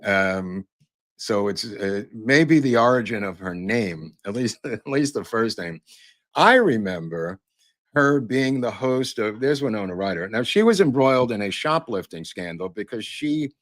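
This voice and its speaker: An older man with a very low voice hosts a podcast and spins rambling showbiz anecdotes. He talks in a loose, chatty way, padded with "uh" and "um". The sound is dry and close, with no room echo. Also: animated, a little slow. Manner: chatty, full of "uh" and "um" fillers. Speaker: podcast host.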